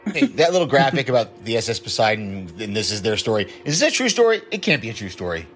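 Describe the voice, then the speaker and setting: A man's voice: on the low side, quick pace, fairly bright tone, faint music behind. Chuckling man giving movie commentary. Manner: chatty, chuckles often while reacting. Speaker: listener sending a voicemail.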